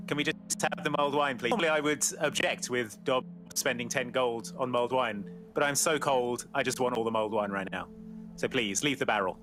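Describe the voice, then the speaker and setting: A man's voice: mid-range voice, brisk, a bit bright, faint music behind. A man playing a tabletop game, speaking in a dry, pleading way. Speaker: player.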